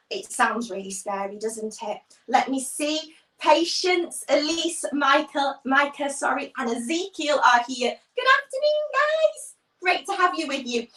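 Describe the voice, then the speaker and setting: Recorded from a distance in an echoey room, this high-voiced woman hosts a kids' church livestream. She animatedly acts out voices in a Bible story and reads out viewer comments to say hello.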